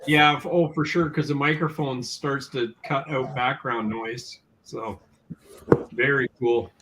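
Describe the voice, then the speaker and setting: Upbeat host, noisy line. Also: male voice, medium pitch, steady tone, a little slow, bright, forceful tone. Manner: enthusiastic, full of praise. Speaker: show host. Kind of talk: casual chat, reading live comments.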